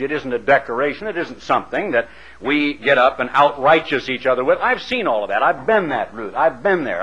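A man's voice: on the high side, fairly bright tone, slightly rough, muffled recording. A man delivering a radio sermon as an evangelist broadcaster, with dramatic emphasis. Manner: dramatic, swooping emphasis with acted-out voices.

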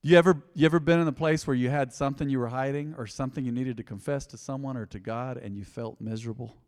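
A middle-aged man preaching a sermon in a church, passionate and emotional, swinging between loud excitement and quiet, earnest talk. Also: medium pitch, fast talker. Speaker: pastor. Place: church sanctuary. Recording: long hall reverb.

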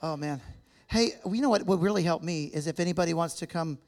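This man's voice is a little high and darkish, and he talks at a quick pace. He's an American guest speaker, chatty and joking, who banters with the crowd during a relaxed talk in a church hall with a live audience.

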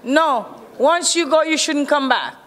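Sassy high-voiced Jamaican woman. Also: expressive, a little slow, in a large hall. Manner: loud, sassy, laughs often. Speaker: guest. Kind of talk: brash casual chat.

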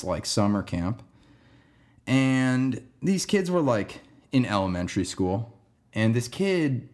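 A young man tells a story on his podcast in a loose, rambling way. His voice sits a little low and stays relaxed, with plenty of "dude" and "man" along the way. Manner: rambling, laid-back, says "dude" and "man" a lot. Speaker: podcast host. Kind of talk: casual storytelling monologue.

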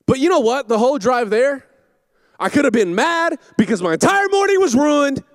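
Campus pastor, man, middle-aged; high voice, lively swinging delivery, shouts in his stories. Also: normal speed, no echo. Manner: animated storytelling with shouted asides. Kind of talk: sermon. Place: church auditorium.

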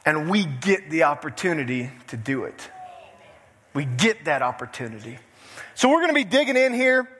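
Folksy pastor, high voice. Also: male voice, sing-song, moderate pace, a bit bright, slightly rough, long reverb tail. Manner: folksy, chuckles through the story. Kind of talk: sermon with storytelling. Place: church sanctuary.

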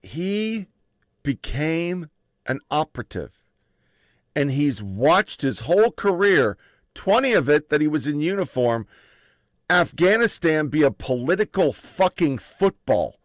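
A man telling army stories in a blunt, profane, animated way. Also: a little high, a little slow, no room sound. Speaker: army veteran recounting stories. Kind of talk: profane casual storytelling.

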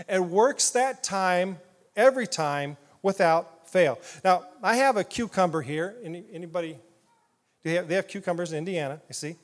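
A man from southeast Iowa preaching a sermon, animated and playful, asking the congregation questions. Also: high-pitched, normal speed. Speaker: pastor. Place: church hall. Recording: long hall reverb.

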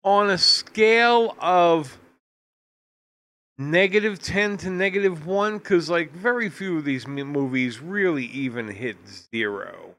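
A man co-hosting a casual film review chat in a deliberate, dry way. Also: a little high, expressive, a bit bright, no echo. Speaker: podcast co-host reviewing films.

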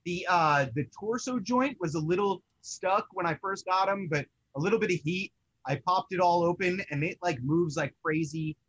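Excitable rambling man, toy show co-host. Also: high voice, moderate pace, breathy edge, poor audio. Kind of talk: casual chat.

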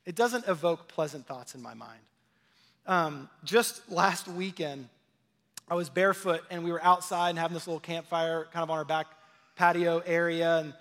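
A man with a high voice preaches a sermon, chatting with his listeners, telling personal stories and asking them questions. His voice rings out in a large hall with a long reverb. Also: a bit bright. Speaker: pastor.

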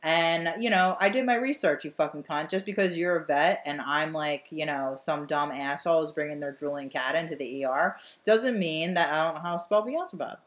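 A woman's voice: low-pitched, brisk, few pauses. A woman, telling a story with animation and swearing freely as a podcast co-host. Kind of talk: casual chat.

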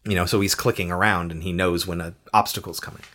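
A man casually recapping a movie on a podcast, animated, swearing and acting out lines. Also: deep voice, fast. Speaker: podcast co-host.

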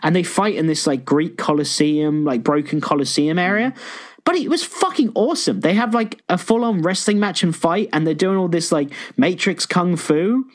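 Casual podcast guy, kinda high voice, hypes stuff up, swears a lot. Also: moderate pace, few pauses. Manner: excitable, swears, jumps into high pitch when enthused. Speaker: podcast co-host.

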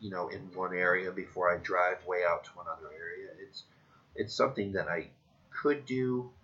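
A man in casual chat, telling stories with wry, deadpan jokes. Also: low-pitched, moderate pace. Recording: dull lo-fi recording.

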